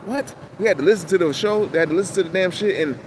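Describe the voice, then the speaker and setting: A man talking to camera in a casual, rambling monologue, animated and full of profane street slang, outdoors. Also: sits high, quick pace. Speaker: channel host. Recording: loud outdoor traffic noise.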